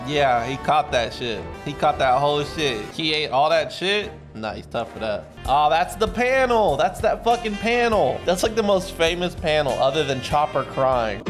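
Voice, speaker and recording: A high-pitched male streamer reacts live in a loose, casual way. He swears constantly and bursts into sudden excited shouts. Faint music plays under his voice. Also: moderate pace.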